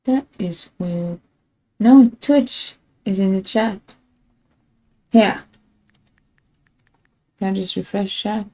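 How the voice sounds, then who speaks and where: Over poor audio, this female streamer talks slowly in a dark-toned, mid-range voice, leaving long pauses. Her live-stream chat is casual and rambling, full of self-mocking laughter as her setup keeps giving her trouble.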